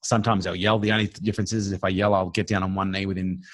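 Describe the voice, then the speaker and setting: Middle-aged Australian man, blunt and sweary, rapid delivery, dry close-up sound. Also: deep voice, level tone, no room sound. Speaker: interview guest, business strategist. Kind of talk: casual interview chat.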